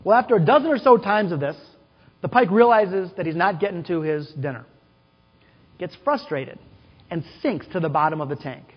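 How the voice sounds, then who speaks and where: A man gives a conference keynote in a large hall, his high-pitched, husky voice animated and at normal speed. He tells stories using quoted voices and asks the audience questions. The recording is dull and carries the hall's echo.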